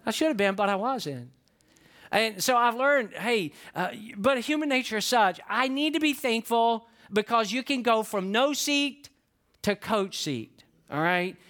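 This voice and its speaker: A man's voice: extremely high pitch, lively intonation, measured pace, fairly bright tone. A middle-aged male pastor preaching a sermon in a folksy, conversational way, often asking the congregation questions.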